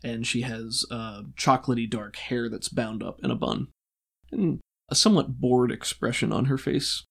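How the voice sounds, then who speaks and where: Man, game master, casual narration, mid-pitched voice, descriptive, filler words. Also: normal speed, vocal fry. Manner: descriptive, relaxed, many fillers.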